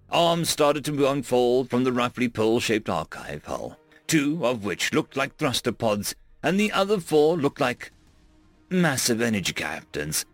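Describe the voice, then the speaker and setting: A man's voice: medium pitch, very animated, normal speed, fairly bright tone, dry recording, soft background music. A man narrating a sci-fi story in a casual, offhand way. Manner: casual, fillers between voices.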